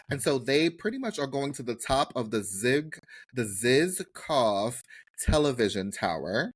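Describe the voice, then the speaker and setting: A man's voice: medium pitch, slightly rough. A man co-hosting a podcast, chatting casually and animatedly about a reality TV episode and acting out what the contestants said. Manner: animated, acts out quotes from the show. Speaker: podcast co-host. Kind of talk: casual TV recap chat.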